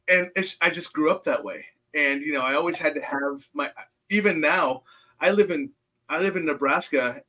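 A middle-aged man chats openly about himself, laughing easily as he goes. His voice is bright and forceful and sits a bit high for a man. He speaks over a remote call from his home. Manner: outgoing, laughs often, talks about himself readily. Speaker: guest psychic medium. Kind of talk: casual chat. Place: home in Nebraska.

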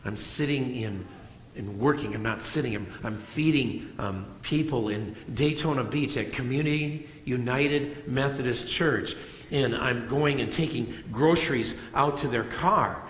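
A middle-aged man preaching a sermon as pastor, moving between loud emphatic lines and soft hushed ones. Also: mid-range voice, measured pace. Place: church sanctuary. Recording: echoey church hall.

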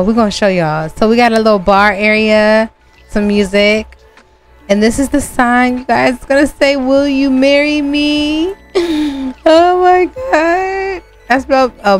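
A woman hosting a gaming channel, narrating her gameplay casually to viewers with sudden high exclamations.

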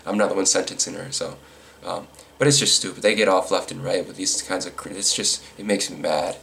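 A man giving casual, rambling commentary on news stories, irritated and quick to chuckle. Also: low voice, fairly even intonation, gravelly, fairly bright tone, slight background noise.

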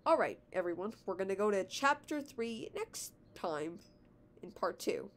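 A woman's voice: medium pitch, very animated, measured pace. Giggly teen girl reading her fan story. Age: teens. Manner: giggly, self-commenting.

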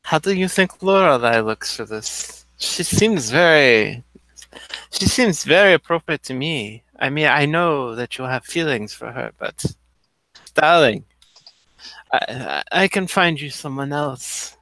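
A man's voice: on the high side, animated, measured pace, sharp tone, dry recording, heavily acted. A man voicing a flirtatious Russian nightclub hostess with a put-on Russian accent, teasing and coaxing. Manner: teasing, coaxing, calls everyone darling.

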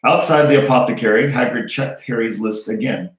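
A man reading a children's storybook aloud in a steady, measured way. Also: mid-range voice. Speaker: reader. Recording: roomy echo.

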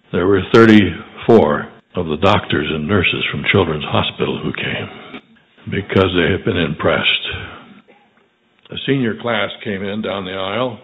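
An older man preaching, telling a story in measured, quiet tones and clearing his throat often. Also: low voice. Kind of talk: sermon storytelling. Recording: tinny phone-like audio.

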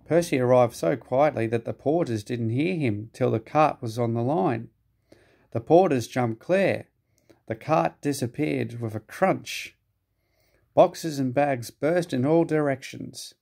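A man reading a children's storybook aloud at an unhurried, gently expressive pace. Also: mid-range voice, creaky. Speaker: narrator.

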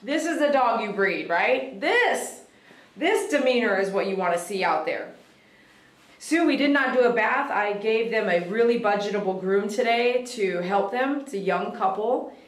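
A woman's voice: expressive, moderate pace. Chatty groomer woman, echoey room. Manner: chatty, upbeat, shout-outs to viewers with sudden high whoops. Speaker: dog groomer and livestream host. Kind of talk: casual livestream chat, reading comments. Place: grooming salon.

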